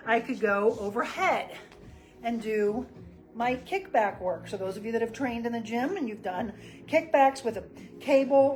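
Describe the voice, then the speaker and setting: A woman's voice: a little high, fairly bright tone, rough recording. A middle-aged woman from the St. Louis area, a personal trainer chatting casually on a live stream while she demonstrates exercises. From St. Louis area, Missouri. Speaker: personal trainer and life coach.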